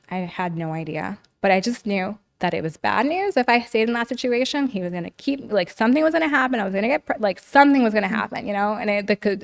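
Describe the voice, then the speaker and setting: A woman speaking as a podcast guest, recounting her own experiences in an earnest, conversational way. Her voice sits at a middle pitch, and her talk is full of fillers like "like" and "you know.". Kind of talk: personal storytelling in interview. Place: living in Los Angeles.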